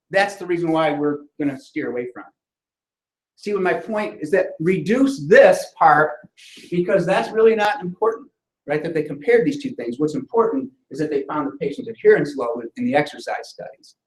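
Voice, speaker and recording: A man's voice: a little high, lively intonation, brisk. A man giving a writing lesson, talking students through sentence structure in a conversational way and often asking "right?". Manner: conversational, frequent "right?" check-ins. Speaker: writing instructor. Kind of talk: classroom lecture on sentence structure. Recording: echoey room.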